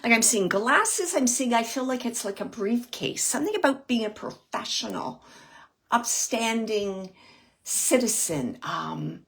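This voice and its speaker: A woman working as a psychic medium, giving a live reading in a soft, hesitant way, with many pauses, and repeating words as she relays messages. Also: on the high side, expressive, vocal fry, husky. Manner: repeats words and phrases for emphasis. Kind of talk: live spirit reading for an audience member.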